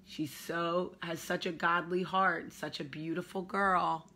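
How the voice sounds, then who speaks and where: Slow-talking woman with a bright voice. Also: fairly low pitch, fairly even intonation, a little hiss or hum. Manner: chatty, drawling, warm storytelling with sighs and yawns. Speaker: vlog host. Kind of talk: casual morning chat.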